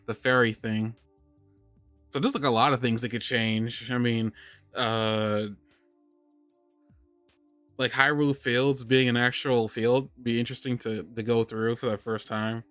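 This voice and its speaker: A man's voice: medium pitch, steady tone, measured pace, long pauses, a bit bright, dry recording, soft background music. A man hosting a live podcast, chatting casually and rambling, restarting his sentences and laughing often. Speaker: podcast host. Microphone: studio microphone on a live stream.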